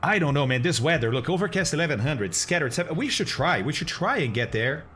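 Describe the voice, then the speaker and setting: Soft music plays behind a flight simulator streamer chatting on his live stream, where he thanks viewers, reacts to the chat, and groans and exclaims about bad-tasting candy. His slightly high voice is very animated, brisk, and fairly bright.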